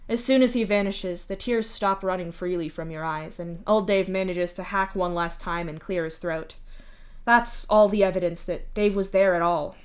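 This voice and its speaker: A woman narrating a fanfiction chapter aloud in a steady, even voice. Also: on the low side, normal speed. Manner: steady second-person narration. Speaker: fanfiction reader.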